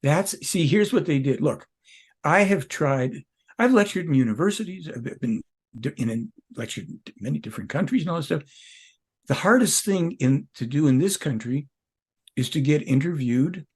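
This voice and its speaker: A man's voice: fairly high pitch, lively intonation, normal speed, husky. A man speaking as an interview guest, rambling and emphatic, jumping from point to point. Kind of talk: casual interview talk.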